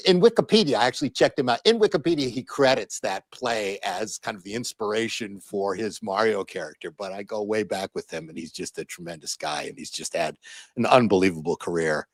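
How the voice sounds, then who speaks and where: Low-voiced man in his sixties. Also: fairly quick, no room sound. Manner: animated, lots of restarts and fillers. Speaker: guest. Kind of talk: casual interview storytelling.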